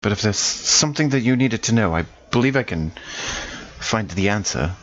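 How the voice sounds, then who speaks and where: A composed synthetic crewman from a tabletop adventure, voiced by a man. He speaks low and deliberately, with no rush. The recording is a little dull and muffled. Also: lively intonation, fairly bright tone. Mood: calm. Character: calm synthetic male crewman who jacks into machines.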